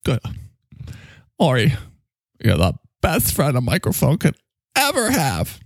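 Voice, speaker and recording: A man voicing a cocky, needy male talking microphone that swoops in pitch and bursts into shouts. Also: huge pitch swings, measured pace, breathy edge, no room sound, clean studio sound, heavily acted. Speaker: podcast co-host character. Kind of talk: improvised comedy bit.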